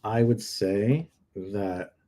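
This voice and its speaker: A man's voice: lowish voice, very slow, mellow. A man hosting a live show, chatting casually and critiquing product listings on his screen, with joking asides and emphatic repeats. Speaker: livestream host reviewing product listings.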